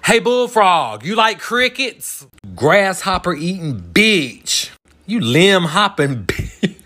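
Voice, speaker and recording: A man's voice: high voice, sing-song, slow pace, sharp tone. Bald man ranting with mocking insults. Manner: mocking insults, rhyming name-calling. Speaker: vlogger. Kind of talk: comedic rant to camera.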